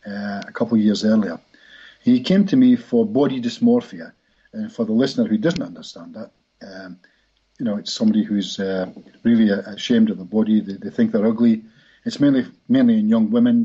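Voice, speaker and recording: A man's voice: fairly low pitch, warm tone, breathy edge. A man, a hypnotist guest telling rambling anecdotes in a podcast interview. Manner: rambling anecdotal, frequent restarts. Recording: dull lo-fi recording.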